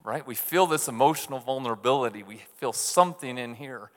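A pastor speaks fairly quickly in a mid-range voice, preaching conversationally through stories. He often checks in with listeners by saying "right?", and a large hall gives the sound a long reverb.

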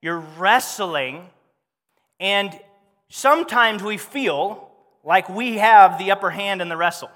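A man preaching a sermon as pastor, talking to the congregation in a conversational, animated way. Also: high voice, slow pace. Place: church hall. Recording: long hall reverb.

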